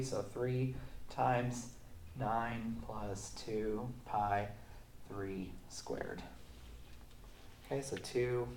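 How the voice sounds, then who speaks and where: A man who is sick, teaching a recorded math lesson in a relaxed way with many fillers, going through the steps slowly. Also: medium pitch, slight background noise. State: sick, voice sounds off. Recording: roomy echo.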